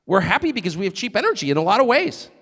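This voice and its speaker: A man's voice: sits high, sing-song, very fast, a bit bright, in a large hall. A man giving a live stage speech, emphatic and joking, often drifting off on digressions. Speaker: guest speaker at a live event.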